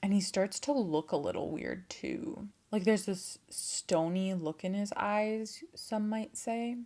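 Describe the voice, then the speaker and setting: A woman's voice: medium pitch, sing-song, slow, warm tone. A young woman casually retelling a folktale, chatty and swearing, with laughing asides and playful voiced quotes. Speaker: storyteller and channel host.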